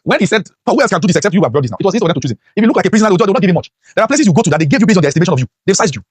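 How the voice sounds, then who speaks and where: A man's voice: high voice, sing-song, very fast, a little mellow, breathy edge, no echo. A man giving a motivational lecture to a class, preachy and full of rhetorical questions, his voice leaping up sharply on key points. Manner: voice leaps up sharply when stressing points. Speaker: motivational teacher.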